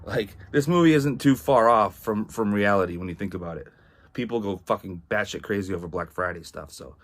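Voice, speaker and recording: Casual film reviewer from Massachusetts, a man with a lowish voice who rambles with lots of filler words. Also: a little fast. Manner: rambling, heavy on "like" and "um", swears freely. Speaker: movie reviewer.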